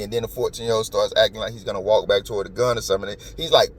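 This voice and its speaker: A man's voice: lowish voice, racing, hardly any pauses, slight background noise. A man hosting a podcast, talking in an emotional, emphatic and rambling way. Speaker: podcast host. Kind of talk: casual commentary.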